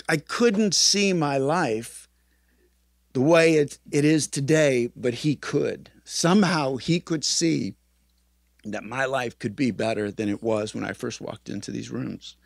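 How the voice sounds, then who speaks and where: A man speaks at a memorial in a gravelly, creaky voice, recorded dry and close. He tells earnest, halting stories and acts out the remembered dialogue. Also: medium pitch, no room sound. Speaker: eulogist at a memorial. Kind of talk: personal memorial tribute speech.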